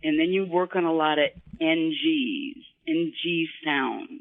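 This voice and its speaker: A woman's voice: deep voice, measured pace, dry recording. Woman explaining voice work over a phone line. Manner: instructive, demonstrates voices as she explains. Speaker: guest voice actor. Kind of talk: interview, explaining voice technique.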